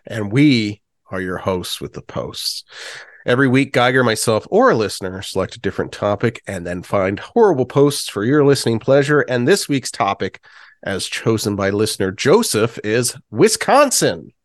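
A man's voice: fairly low pitch, very animated, normal speed, dry recording. A man co-hosting a podcast, trading crude, mocking jokes in casual comedic chat. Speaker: podcast co-host.

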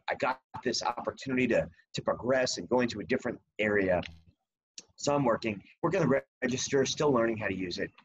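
A man's voice: medium pitch, dull audio, a little hiss or hum. A man on a casual podcast, telling a self-deprecating story and acting out the people in it. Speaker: podcast co-host.

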